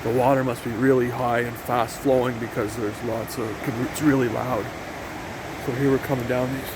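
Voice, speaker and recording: A man's voice: mid-range voice, flat delivery, normal speed. A man casually narrating a walk along a forest trail by a river, rambling with fillers and restarts. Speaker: vlogger. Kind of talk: casual walking tour narration. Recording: noisy outdoor sound with wind and river.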